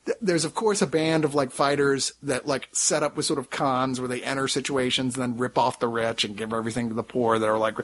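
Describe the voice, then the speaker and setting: A man's voice: medium pitch, steady tone, brisk, a bit bright. A man hosting a casual film review podcast, rambling and laughing often, swearing freely. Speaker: podcast host reviewing films. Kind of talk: casual chat.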